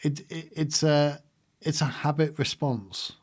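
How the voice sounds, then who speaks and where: A man's voice: on the high side, fairly even intonation, unhurried. A man hosting a livestream, talking casually and reflectively to his viewers and laughing often. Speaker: livestream host.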